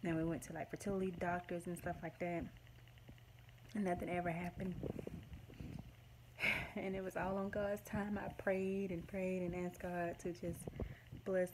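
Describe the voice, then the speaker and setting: A woman's voice: lowish voice, flat delivery, normal speed, long pauses, darkish tone, a little hiss or hum, poor audio. A woman in her late twenties talking to her phone camera at home, emotional and rambling as she gushes to her viewers. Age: late 20s. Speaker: vlogger. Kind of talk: casual to-camera vlog.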